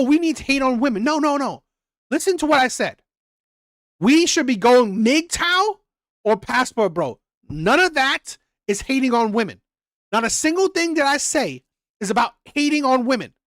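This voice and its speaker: A man's voice: very high-pitched, a bit bright, no room sound, studio quality. A man hosting a reaction channel, ranting heatedly and repeating himself as he talks over live chat comments. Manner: heated, repetitive, profane.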